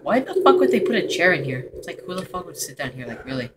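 A man narrating his own horror game run, profane and easily startled. His voice leaps around in pitch as he yelps and mutters. A constant noisy hiss sits under the recording. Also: fast. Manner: profane, excitable, jumpy reactions. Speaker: gameplay commentator. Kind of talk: let's play commentary.

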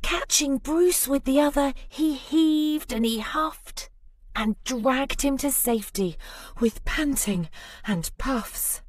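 A woman reading a rhyming children's storybook aloud with lively, expressive narration. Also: high voice, slow, no room sound. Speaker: storybook reader.

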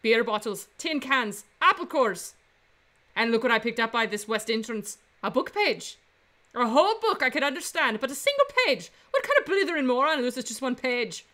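A woman's voice: a little high, very animated, moderate pace, pushed and bright. A woman voicing a pompous, grumpy male bird photographer, reading game dialogue on a stream. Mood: disgusted. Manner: haughty and indignant, scornful complaints.

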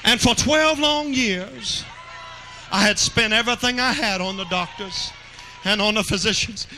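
A man voicing a small, fervent woman who was healed, giving a shouted testimony. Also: high-pitched, unhurried, some chatter behind, slight background noise, pitched above the performer's own voice, full character voice, low-quality recording.

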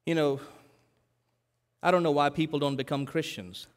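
A man preaching a sermon in a church, his voice sitting a little high for a man. He swings from forceful emphasis down to hushed, quiet scripture quotes. A long hall reverb trails every phrase. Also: steady tone, normal speed. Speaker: pastor.

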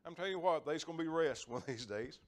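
A man's voice: fairly high pitch, lively intonation, fast. An older man, preaching a folksy lay sermon, repeating words and chuckling as he talks.

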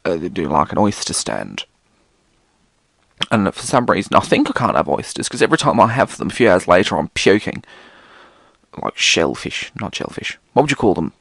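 A man's voice: low-pitched, sing-song, moderate pace, vocal fry, a bit bright, slightly rough, no room sound. A British man hosting a solo podcast, rambling casually and theatrically, swearing often. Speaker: podcast host.

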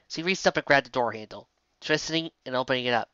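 Low-voiced woman reading a story. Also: fast talker, no room sound. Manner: lively reading with casual asides. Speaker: fan fiction reader. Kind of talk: storybook narration. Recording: dull lo-fi dry home recording.

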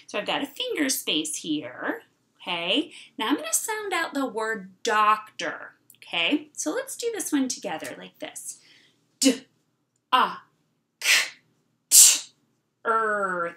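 A middle-aged woman teacher leading an online writing lesson for young children, sounding out words slowly and clearly. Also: a little high, bright, forceful tone.

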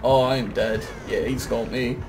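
A young man giving casual, excitable gameplay commentary, swearing often and talking back to the game. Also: medium pitch, a little slow, music in the background. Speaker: gaming YouTuber.

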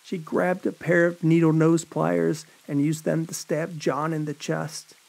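A man's voice: on the high side, flat delivery, measured pace, creaky, darkish tone. A man narrating a horror story in a dramatic storytelling manner. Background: rain.

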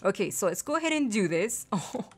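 A young woman chatting excitedly through a Let's Play, talking to her in-game pet as she goes. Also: medium pitch, brisk, breathy edge. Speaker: gaming YouTuber. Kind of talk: casual Let's Play commentary.

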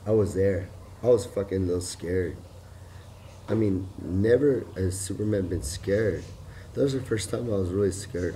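A middle-aged man vlogger delivers a rambling, profane monologue, jumping between loud outbursts and low mutters.

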